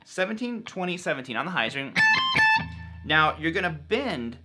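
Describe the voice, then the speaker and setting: Excited guy teaching guitar licks, voice bouncing all over, loud guitar playing behind him. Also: fairly high pitch, moderate pace. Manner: enthusiastic, chatty, stumbles over words. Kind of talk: casual guitar lesson. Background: electric guitar playing.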